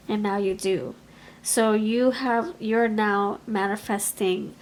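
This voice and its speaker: A woman giving a pick-a-card tarot reading in an expressive, chatty way, talking aloud to Spirit as she goes. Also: mid-range voice, a little hiss or hum, poor audio. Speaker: tarot reader.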